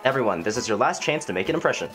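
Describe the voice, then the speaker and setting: A man's voice: medium pitch, expressive, racing, fairly bright tone, soft background music, close to an everyday voice. A man voicing a bossy, strict male bird who runs a guild and lectures in a stern tone.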